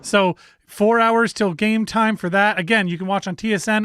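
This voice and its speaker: A man's voice: high voice, steady tone, normal speed, fairly bright tone, clear, resonant tone, no room sound. A man hosting a casual sports talk show, rambling and self-correcting with easy laughs. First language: bilingual in French.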